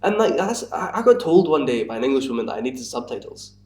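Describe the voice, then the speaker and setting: A man's voice: medium pitch, sing-song, fast talker, darkish tone, far from the mic. A young man with a Scottish accent from the Glasgow area, chatting casually as a podcast guest. He rambles, fills his talk with "like" and jokes at his own expense. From Scotland. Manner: rambling, lots of "like", self-mocking. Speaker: podcast guest, bar worker. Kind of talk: casual chat. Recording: echoey room, from off the mic.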